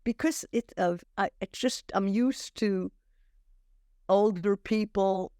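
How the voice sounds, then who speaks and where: A woman's voice: mid-range voice, clear, resonant tone, no room sound, studio quality. An older woman, an acting teacher, talking as a podcast guest and telling anecdotes with many restarts and acted-out dialogue. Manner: animated, halting restarts, acts out dialogue in stories. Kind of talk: anecdotal storytelling in conversation.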